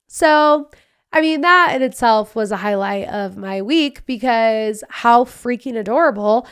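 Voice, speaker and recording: A woman hosts a casual solo podcast in a bright, lively, slightly high and smooth voice. She tells stories in a chatty, animated way, tossing in quick asides.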